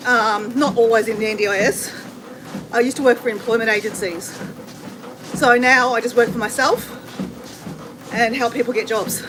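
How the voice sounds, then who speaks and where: A high-pitched Australian woman, middle-aged, chats with her viewers while walking on a treadmill. She answers their comments in a casual, friendly flow and sounds a little effortful from walking. Background noise sits clearly behind her. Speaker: livestream host. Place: home with renovation banging. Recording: noisy background with banging.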